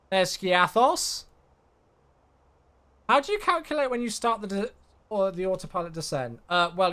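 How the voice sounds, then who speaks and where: Tired guy chatting on his stream, voice bouncing up and down a lot, a bit high. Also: fairly bright tone. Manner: chatty, reads chat aloud, thanks subscribers. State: tired, yawning. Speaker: flight sim streamer. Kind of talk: casual live-stream chat.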